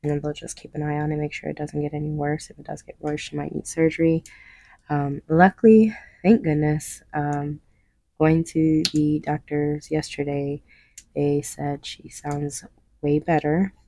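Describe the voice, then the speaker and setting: A young woman talks casually to her viewers as she paints, pitched low with a gravelly edge. Her tone is dark and mellow, and she rambles with fillers and small laughs. The sound is close and dry in a small room. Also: little pitch movement, measured pace, no room sound. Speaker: craft vlogger. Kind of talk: casual chat while painting.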